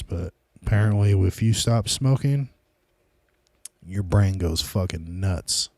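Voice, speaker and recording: A man's voice: deep voice, vocal fry, a little mellow, dry recording. A man hosting his own podcast, rambling loosely and casually in a solo monologue. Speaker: podcast host.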